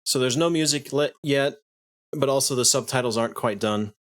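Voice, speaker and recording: A man's voice: medium pitch, moderate pace, a bit bright. A man who streams, casually walking through his video editing on screen while thinking aloud, restarting sentences and chuckling now and then. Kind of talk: casual screen-share tutorial.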